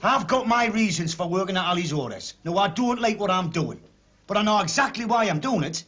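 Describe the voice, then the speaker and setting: A man's voice: high-pitched, expressive, a little fast, a bit bright. An actor playing a blunt, wry building foreman. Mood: confronting. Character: dry-humoured male building foreman. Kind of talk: TV drama acting. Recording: dull TV soundtrack.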